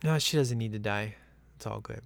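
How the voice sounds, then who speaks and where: A man's voice: lowish voice, brisk, gravelly, no echo. A man in casual, rambling chat as he watches a film at home, laughing often. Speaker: movie commentary viewer.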